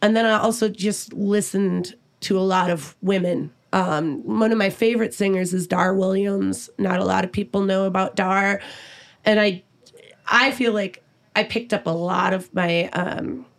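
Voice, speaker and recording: A middle-aged woman talking casually in an interview, with a gravelly edge of vocal fry at the bottom of her voice. She is blunt and swears freely, laughing a lot as she talks. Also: mid-range voice, fairly even intonation, measured pace. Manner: blunt, profane and laughing often. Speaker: musician guest.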